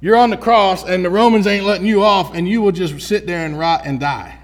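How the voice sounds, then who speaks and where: Man, high-pitched voice, lively sermon, conversational preaching, long hall reverb. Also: a little fast. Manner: energetic, conversational preaching with repeated restarts. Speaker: pastor.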